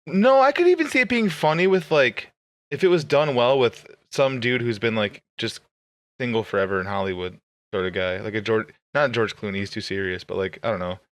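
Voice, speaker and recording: Young dude rambling and cursing on a podcast, dry close mic, laughs a lot. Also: male voice, mid-range voice, expressive, a little fast, dry recording. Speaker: podcast co-host. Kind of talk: crude casual banter.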